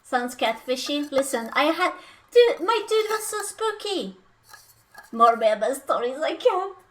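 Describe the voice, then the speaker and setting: A woman's voice: high voice, sing-song, unhurried, fairly bright tone, slight background noise. A young woman, chatting playfully on a live cooking stream and breaking into silly sing-song noises. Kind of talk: casual live-stream chat while cooking.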